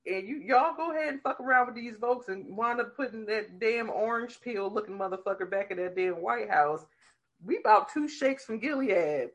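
A woman co-hosting a podcast in casual, profane chat, animated and laughing often. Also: fairly high pitch, moderate pace. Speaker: podcast co-host.

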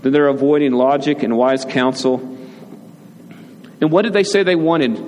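A man's voice: mid-range voice, moderate pace, long pauses, darkish tone. A man, a father, preaching a conversational sermon as pastor, often checking in with "right?" and acting out short quoted lines. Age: adult, father. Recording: reverberant hall with faint ambient noise.

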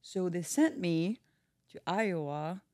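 A woman's voice: lowish voice, slow pace, mellow, no echo, studio quality. A woman with a French accent, a podcast guest chatting casually and peppering her speech with "like". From France. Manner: chatty, filler-heavy with many "like"s. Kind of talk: casual chat.

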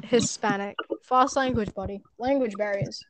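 A woman's voice: mid-range voice, a bit bright, slight background noise. A young Australian woman chatting casually while gaming, joking, swearing and laughing often. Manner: joking, profane, quick to laugh. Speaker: gamer.

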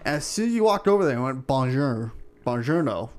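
Lively young man telling stories. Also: fairly high pitch, fast, clean tone. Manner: animated storyteller, acts out quotes, stumbles and repeats words. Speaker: podcast co-host. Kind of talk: casual chat.

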